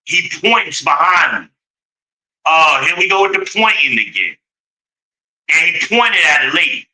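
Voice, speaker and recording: A man's voice: on the high side, expressive, unhurried, bright, forceful tone, low-quality recording. A man venting to his viewers in a heated story, exasperated and swearing freely, with sudden mocking outbursts.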